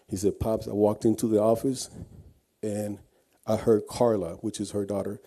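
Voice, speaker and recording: Mellow-voiced man recounting a true ordeal. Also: lowish voice, level tone, moderate pace. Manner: earnest storytelling with frequent restarts. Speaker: guest speaker. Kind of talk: personal testimony speech.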